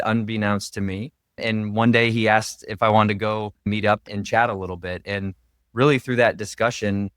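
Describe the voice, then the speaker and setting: A man's voice: fairly low pitch, a bit bright, clear, resonant tone, no echo, clean studio sound. A man, a radiation oncologist, explaining his work in an earnest, step-by-step way as a podcast guest. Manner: earnest, explanatory, heavy on "really" fillers. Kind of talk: interview podcast conversation.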